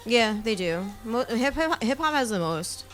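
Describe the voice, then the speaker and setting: A woman's voice: on the high side, sing-song, a little slow, a bit bright, faint music behind. A woman co-hosting a podcast, talking in an easygoing way with lots of filler words. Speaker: podcast co-host. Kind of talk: casual chat.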